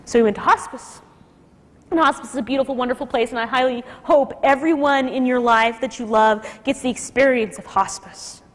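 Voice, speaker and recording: A woman with a high voice tells a personal story to a live audience, emotional and lively as she acts out the people she quotes. Her voice rings in a lecture hall with a long echo tail. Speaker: speaker at a nursing school talk.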